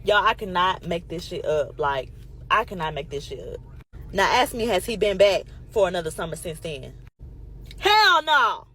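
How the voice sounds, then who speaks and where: A woman with a lowish voice tells her story straight to her listeners as if they were friends. She is emphatic and animated, swears a lot, and keeps calling them y'all. Faint background hiss sits under her voice. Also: poor audio. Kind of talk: casual storytime monologue.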